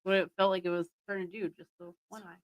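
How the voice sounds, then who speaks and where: A woman's voice: on the low side, level tone, fast talker, lo-fi sound. A woman co-hosting a casual livestream, talking in a playful way and laughing off teasing. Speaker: livestream co-host. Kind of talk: casual chat.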